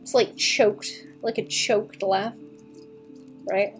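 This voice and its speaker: A young woman streams her drawing work and chats casually with viewers. She mutters quietly to herself while she draws, then bursts into giggles and swears freely. Her pitch sits in the middle range, with faint music behind her. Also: steady tone, slow pace. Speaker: artist streaming a drawing session.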